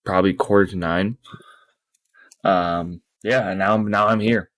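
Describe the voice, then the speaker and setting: A man's voice: sits low, steady tone, unhurried, fairly bright tone, dry recording. A young man co-hosting a podcast, telling a rambling, tired story with lots of swearing. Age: young adult. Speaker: podcast co-host. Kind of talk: casual podcast chat.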